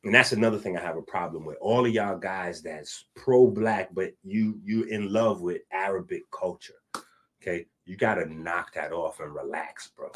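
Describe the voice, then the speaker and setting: A man from the Bronx, hosting a podcast and delivering a casual commentary monologue. He is animated and swings between loud and hushed, with frequent asides. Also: sits low, normal speed, breathy edge. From the Bronx, New York. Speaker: podcast host.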